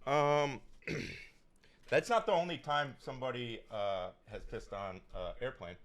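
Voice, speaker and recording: A man's voice: medium pitch, unhurried, a bit bright. A man co-hosting a podcast, telling stories in casual chat, rambling and hesitant with many fillers. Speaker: podcast co-host.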